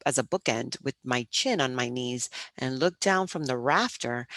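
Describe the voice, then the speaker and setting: A woman teacher reading a children's novel aloud, expressive and stumbling over words now and then. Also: sits low, no room sound. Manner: expressive, with frequent restarts. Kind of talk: storybook read-aloud.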